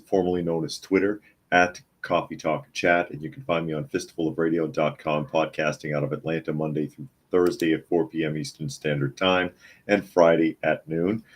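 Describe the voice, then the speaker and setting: A man's voice: sits low, darkish tone, slightly rough. A man hosting a live news talk podcast from his home office, chatting casually and reading headlines aloud with his own comments. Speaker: podcast host.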